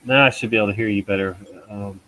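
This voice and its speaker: A man's voice: fairly low pitch, steady tone, fast, sharp tone, poor audio. A talk show host on a call with headphones, chatting casually and mumbling while he clicks around.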